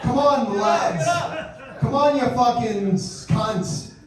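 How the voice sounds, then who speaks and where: A brash, profane male comedy host teasing the audience between laughs. His voice sits high, and it booms around a very reverberant venue. He is picked up from a distance, with the crowd loud behind him. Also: takes it slowly. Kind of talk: live stand-up crowd work. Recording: echoey room, mic heard from afar. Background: crowd reactions.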